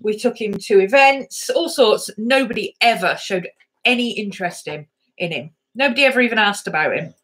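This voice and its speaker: A woman's voice: medium pitch, animated, moderate pace, fairly bright tone. A woman chatting casually on a home vlog, fondly telling a story about her rescue dogs. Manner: chatty, fond, talks baby-talk to her dogs. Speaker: vlogger. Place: home, indoors.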